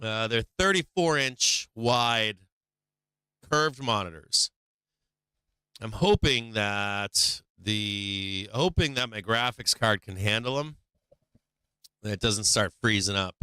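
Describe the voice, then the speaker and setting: A man's voice: lowish voice, animated, slow pace, pauses often, sharp tone, clean tone, dry recording. Middle-aged guy rambling on a market stream, swears a lot, says like constantly, dry close mic. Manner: rambling and profane, heavy on "like" fillers. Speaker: stock market livestream host. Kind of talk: casual livestream chat.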